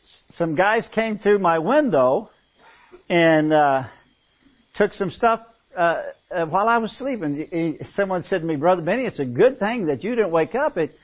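A man's voice: high voice, moderate pace. A man preaching a sermon to a congregation, telling stories with stammered restarts between lines. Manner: animated storytelling with stammered restarts. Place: church with congregation. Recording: dull lo-fi recording.

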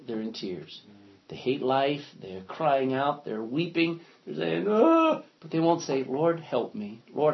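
Husky-voiced pastor guy leading bible study, chatty, quizzing the class, muffled lo-fi sound. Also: medium pitch. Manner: conversational, asks class questions, reads scripture aloud. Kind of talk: interactive Bible study teaching. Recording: dull lo-fi recording.

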